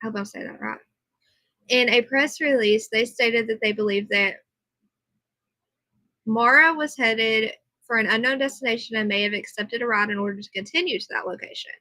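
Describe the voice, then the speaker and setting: A woman streams from her computer at home, reading a report aloud and breaking off into lively chatter with her viewers. Her voice sits a little high and sounds crisp and bright. The sound is close and dry, with no room echo. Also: normal speed. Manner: chatty, animated asides while reading. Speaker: live streamer. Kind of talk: reading a news report aloud, then casual chat with viewers. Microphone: computer mic, earbud in for monitoring.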